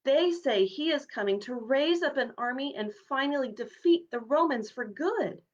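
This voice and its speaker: A woman's voice: high-pitched, expressive, moderate pace, dull audio, pitched above the performer's own voice. A woman voicing a proud, snobbish male war horse in a storybook reading, with a haughty, pompous manner. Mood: boastful.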